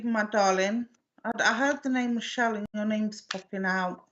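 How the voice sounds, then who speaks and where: A woman, working as a medium in a live online reading, speaking gently and affectionately with many hesitations and restarts. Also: on the high side, a little slow, long pauses, highs cut off. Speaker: psychic medium.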